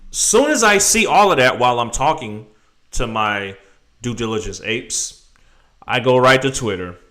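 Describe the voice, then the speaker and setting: Man, live-stream host, casual rambling commentary, very lively pitch, bright tone. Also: unhurried. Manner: rambling and animated, talking to viewers.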